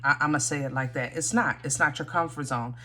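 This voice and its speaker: A woman's voice: low-pitched, brisk, bright, forceful tone, slight background noise. A woman giving a casual tarot reading, thinking aloud with many fillers and restarts. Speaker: tarot reader.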